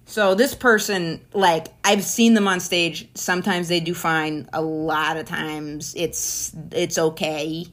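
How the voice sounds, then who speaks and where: A woman comedian in her thirties, from Maine, telling rambling stories in casual podcast chat, full of profanity and animated asides. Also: lowish voice, slow, few pauses. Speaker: stand-up comedian.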